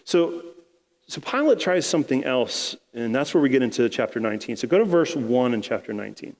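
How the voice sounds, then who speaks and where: A man's voice: medium pitch, very animated, brisk, a little mellow, in a large hall. A male pastor preaching a sermon in a casual, conversational way, retelling scripture in everyday slang.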